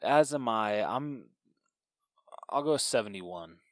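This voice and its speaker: A man with a mid-range voice chats casually about a movie as a podcast co-host, easygoing but lively, his pitch rising and falling a lot. He reenacts lines and breaks into laughter. He is heard on a close, dry mic. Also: slow, dry recording. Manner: laid-back, agreeable, reenacts lines with laughs. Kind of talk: casual movie review chat.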